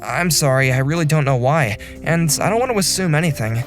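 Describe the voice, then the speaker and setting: Man playing young office section chief, calm, earnest, a touch high, animated drama narration. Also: a little fast, faint music behind, lightly acted. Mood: apologetic.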